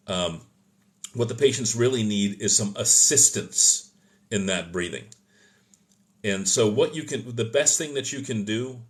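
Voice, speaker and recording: A man with a fairly low voice takes viewer questions live and answers them in a firm, soapbox teaching manner. His delivery is loose and unscripted, and he often stops to fix a phrase mid-sentence. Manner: loose, self-correcting delivery with fillers. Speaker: host of an emergency medicine live stream.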